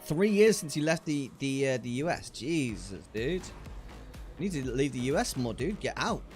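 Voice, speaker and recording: Male streamer, casual gaming chat, laughs a lot, average pitch, light music bed. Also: moderate pace. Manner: chatty, excitable, laughs often, trailing restarts. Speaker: livestreamer.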